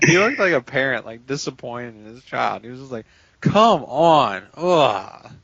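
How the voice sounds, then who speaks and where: A young man co-hosting a podcast, telling stories in a halting casual way and stumbling over restarts. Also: medium pitch, animated, gravelly, fairly bright tone, husky, lo-fi sound. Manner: halting, trails off, stammers on restarts. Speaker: podcast co-host. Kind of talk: casual chat.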